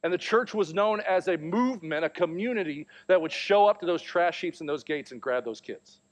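A man in his thirties with a voice on the high side delivers a sermon a little fast. As pastor, he narrates a family story in a lively way and plays out the characters' lines.

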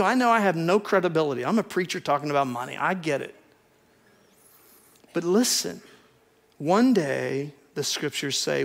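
A man preaching a sermon, earnest and emphatic, building points through repeated lists. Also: a little high.

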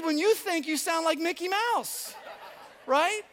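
High-voiced pastor in his fifties. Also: expressive, takes it slowly, fairly bright tone, big-room sound. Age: 50s. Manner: conversational and self-mocking, addresses congregation directly. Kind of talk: sermon. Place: church auditorium.

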